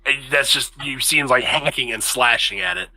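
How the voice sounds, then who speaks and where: A man with a very bright, ringing voice runs a tabletop game as its game master. He narrates scenes in a laid-back, laughing way. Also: medium pitch, a little fast, rough recording.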